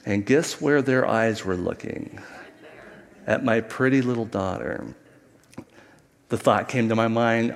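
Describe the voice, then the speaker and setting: A man's voice: mid-range voice, measured pace, pauses often. Middle-aged guy preaching in a church, chatty storytelling with asides to the room, long echoey hall reverb. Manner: conversational storytelling with asides to the congregation. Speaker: pastor. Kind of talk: sermon.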